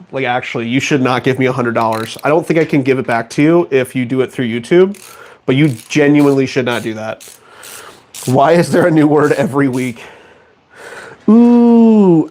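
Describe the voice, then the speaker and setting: A man streaming from his home studio, bantering with chat in a sarcastic, mock-outraged and self-mocking way. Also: medium pitch. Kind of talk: casual live-stream chat.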